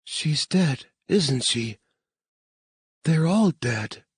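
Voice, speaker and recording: A frightened young woman scientist in shock, her voice pushed high above the reader's own and taking on a thin, altered tone. Her words come breathless and pleading, climbing toward panic. A man reads her lines in an audiobook. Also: lively intonation, very slow, breathy edge, no echo, studio quality, heavily acted. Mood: fearful.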